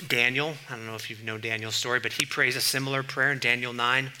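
A man preaching a conversational sermon, reading scripture passages aloud and breaking off into quick, informal asides. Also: medium pitch, level tone, sharp tone, smooth. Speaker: pastor.

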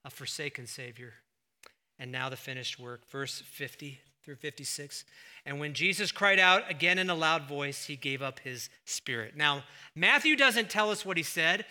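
A male pastor with a slightly high voice preaches a sermon, putting rhetorical questions to the congregation. He swings between hushed, slow emphasis and loud exclamations.

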